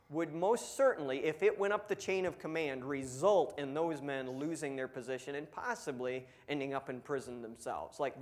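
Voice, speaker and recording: A young man preaching a sermon, telling stories in an animated way and acting out the people he quotes. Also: mid-range voice. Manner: animated storytelling, acts out quotes. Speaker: pastor.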